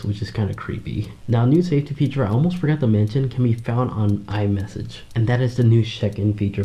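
Mellow-voiced man giving tech tips. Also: mid-range voice. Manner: casual, chatty explaining. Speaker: tech YouTuber.

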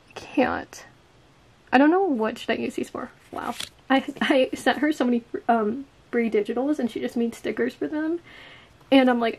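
A young woman chatting casually as she unpacks planner stickers, gushing and excitable, sometimes dropping to a soft whisper. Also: high voice, low-quality recording. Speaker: planner vlogger. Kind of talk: casual unboxing chat.

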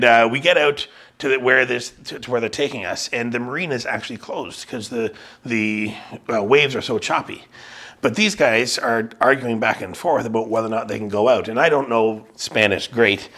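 A man's voice: medium pitch, a bit bright. A man preaching a sermon in a casual, conversational way, telling a personal story with frequent fillers and restarts. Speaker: pastor. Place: church service streamed online.

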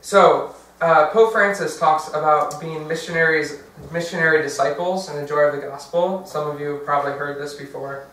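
A man's voice: on the high side, fairly even intonation, moderate pace, a bit bright. A young man giving a casual workshop talk, chatty, with fillers and self-corrections. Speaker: diocesan workshop presenter. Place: large church hall. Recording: very echoey, from far off.

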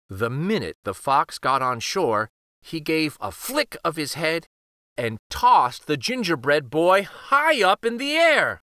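Man reading a kids' picture book, bright voice, dry close sound, lively. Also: on the high side, no room sound. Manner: expressive, animated storytelling. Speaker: children's book reader, host. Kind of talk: read-aloud storytelling.

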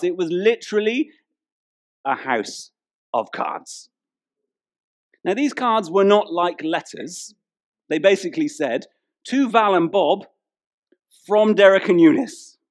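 A man's voice: high-pitched, lively intonation, takes it slowly, vocal fry, pauses often. A man, preaching a humorous, chatty sermon in a church. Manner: humorous storytelling, chatty, playful with the congregation. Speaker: pastor.

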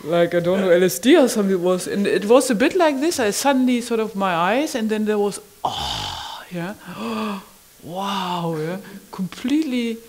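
A woman recalling a personal experience in conversation, halting and marvelling, often ending phrases with a questioning "yeah?". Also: mid-range voice, expressive, darkish tone, a little hiss or hum, poor audio. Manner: wondering, marvelling delivery. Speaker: community member sharing an experience.

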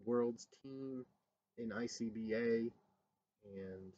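A man's voice: medium pitch, takes it slowly, dark tone. A man co-hosting a podcast, chatting casually and bluntly on an outdoor deck, swearing freely. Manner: blunt, profane. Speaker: podcast co-host. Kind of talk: casual chat. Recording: dull lo-fi with faint ambience.

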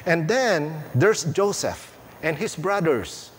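Guy preaching a sermon real slow, jokey asides, bit of room hum behind. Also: fairly high pitch, lively intonation. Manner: unhurried, with playful jokes and emphatic pauses. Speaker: pastor. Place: church sanctuary.

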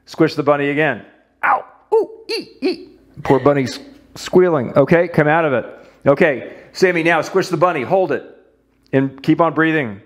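Playing the fitness instructor, this man coaches a model through an exercise demo, joking playfully at each move. His voice runs on the high side.

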